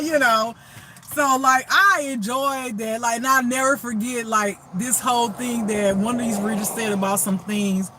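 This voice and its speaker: A woman's voice: fairly high pitch, moderate pace, noisy background. A woman who reads tarot as a spiritual reader, talking to viewers in a blunt, profane, laughing rant. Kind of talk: casual unscripted monologue to viewers.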